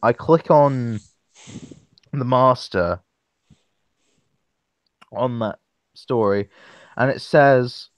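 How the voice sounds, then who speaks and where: A man's voice: mid-range voice, very slow, pauses often, no room sound, highs cut off. A young man hosting a casual podcast chat, rambling, restarting and stumbling over his words. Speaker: podcast host.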